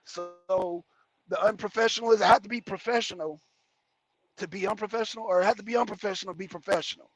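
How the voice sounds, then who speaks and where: A man's voice: high voice, quick pace, dry recording, faint music behind. A man who drives trucks, chatting casually and rambling through viewer comments while he drives. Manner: rambling, joking, answers chat comments between driving remarks. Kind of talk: casual livestream chat while driving. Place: cab of a heavy truck on the road.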